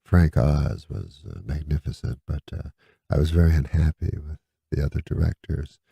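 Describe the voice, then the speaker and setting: A man voicing a calm, zen-like male movie star in a flat, peaceful, quiet way. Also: a bass voice, rapid-fire, creaky, husky, no room sound, voice pushed down, exaggerated voice. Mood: serene.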